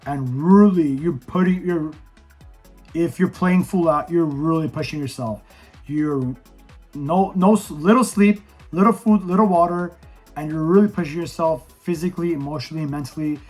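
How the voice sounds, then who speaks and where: Hoarse, fired-up young man, slightly high voice. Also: moderate pace, a little mellow, faint music behind. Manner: blunt, profane, fired-up. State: hoarse from yelling. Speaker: vlogger reviewing an event. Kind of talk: casual candid monologue.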